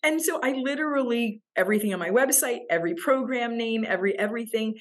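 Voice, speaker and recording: Here a leadership coach talks fast in a slightly high voice while guesting on a casual interview. Her storytelling is animated, with words repeated as she works through ideas and laughter between them.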